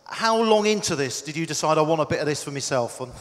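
A man's voice: a little high, lively intonation, fast. Chatty male interviewer, echoing hall. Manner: chatty, joking questioner. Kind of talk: stage interview. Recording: long hall reverb with faint noise.

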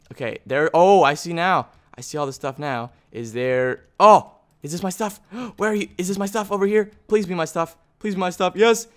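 A man hosting a gaming video, giving excitable commentary on his play and chatting to the objects around him. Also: fairly high pitch, clean tone. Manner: excitable, talks to objects in the game. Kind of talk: gameplay commentary.

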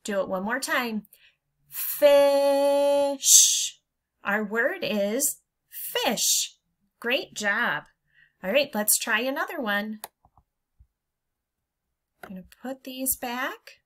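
A woman teaching young children to blend letter sounds, speaking in a slow, encouraging way and drawing the sounds out for them to repeat. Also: on the high side, expressive, pushed and bright. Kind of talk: phonics lesson for young children.

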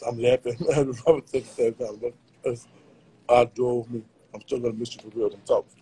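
A man's voice: on the high side, dark tone, breathy edge, poor audio. A man chatting casually with viewers on a live stream, slangy and laughing often. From Louisiana.

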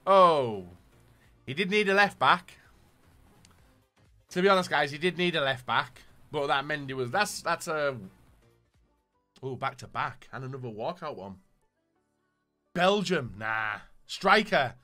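Excitable high-voiced gamer man. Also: unhurried, pauses often, faint music behind. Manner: excitable, swings between low muttering and shouted celebration. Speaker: gaming YouTuber. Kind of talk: pack-opening gaming commentary.

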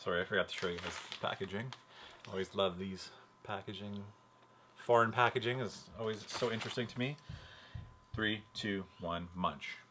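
A man's voice: fairly low pitch, flat delivery, a little fast, noisy background. A man hosting a casual snack tasting video, upbeat and joking as he reads out the package labels. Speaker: channel host.

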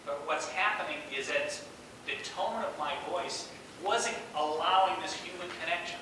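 Middle-aged male speaker, high voice, distant mic in a very echoey hall. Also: moderate pace, background noise. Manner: animated, acts out quoted voices. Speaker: guest speaker. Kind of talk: storytelling talk to an audience.

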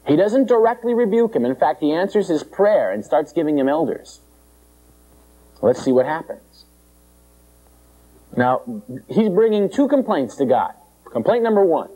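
A male preacher giving a conversational, animated sermon and acting out the characters in the story. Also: a little high, moderate pace, pauses often, poor audio.

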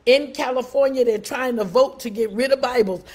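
Woman pastor, upbeat and playful, higher voice, livestream sermon. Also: moderate pace. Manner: lively, playful, calls out greetings to viewers.

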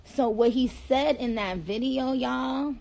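In a low-quality recording, the Trinidadian host's voice is high yet darkish, slow and creaky. She's playfully chatting with her viewers on a phone livestream, addressing them directly from a dimly lit room.

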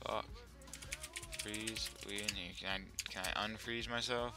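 A young man giving profane, excitable commentary while playing as a server admin, often repeating himself. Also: lowish voice, unhurried, creaky, long pauses, over loud music. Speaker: Minecraft server admin streamer. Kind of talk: gameplay commentary while recording.

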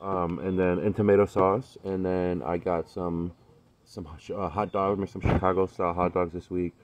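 A relaxed man chatting to his viewers from his backyard garden, his voice sitting very low. He talks in an easygoing, slangy way, full of ums and uhs, as if filming on a phone outdoors. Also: moderate pace, highs cut off. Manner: laid-back, slangy, lots of fillers. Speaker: vlogger. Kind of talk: casual chat.

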